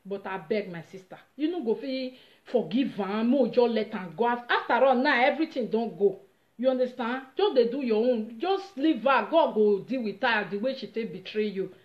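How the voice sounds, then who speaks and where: A woman with a Nigerian accent casually retelling a story on her vlog, animated and dramatic. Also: a little high, moderate pace. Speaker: vlogger. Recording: roomy, slightly dull recording.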